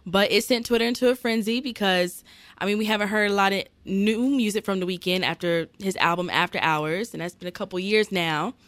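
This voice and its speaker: Brief: young female co-host, smooth clear voice, relaxed recaps, dry mic. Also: mid-range voice, fairly quick, no room sound. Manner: relaxed, agreeing, recapping news with fillers. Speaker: podcast co-host. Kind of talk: casual chat.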